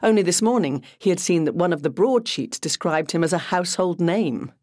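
A narrator reading a crime novel aloud in an even, measured way. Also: medium pitch, no room sound, studio quality. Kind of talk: scripted audiobook narration.

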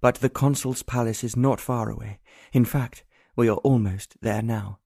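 A man reading an audiobook, voicing a tender and protective English nobleman who speaks quietly and earnestly. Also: medium pitch, fairly even intonation, moderate pace, vocal fry, slightly rough, no echo, studio quality. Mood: tender, resolute. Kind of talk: audiobook narration.

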